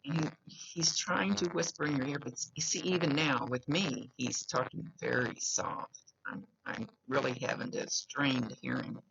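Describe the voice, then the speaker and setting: A woman's voice: rumbling low, normal speed, gravelly, fairly bright tone, breathy edge. A woman psychic medium with a slight lisp, giving an earnest, reassuring reading and repeating key phrases. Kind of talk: giving a spoken reading to a client. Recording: dull lo-fi recording.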